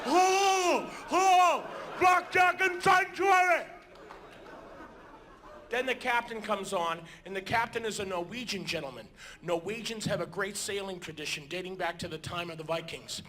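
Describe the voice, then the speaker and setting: A male stand-up comedian telling animated stories on a theater stage, breaking into sudden shouts. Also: high voice, brisk, few pauses. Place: theater stage before a live audience.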